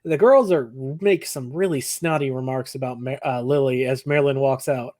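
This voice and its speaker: A man co-hosting a podcast, recapping a TV episode in casual chat, animated and laughing often. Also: medium pitch, moderate pace. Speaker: podcast co-host.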